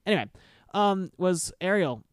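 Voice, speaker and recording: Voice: medium pitch, expressive, moderate pace, clean tone, no room sound. A young adult co-hosting a podcast, telling rambling stories in a casual chat and often stammering and repeating words. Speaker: podcast co-host.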